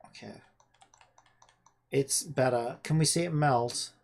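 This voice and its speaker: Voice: mid-range voice, slow, a little mellow. A game developer talking to themself while working, muttering and swearing in frustration at the screen. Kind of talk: casual self-talk while coding.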